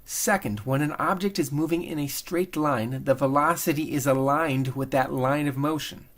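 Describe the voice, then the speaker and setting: A man teaching engineering in a screen-recorded lecture, thinking aloud in a relaxed way as he demonstrates. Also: fairly high pitch, normal speed. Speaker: engineering instructor.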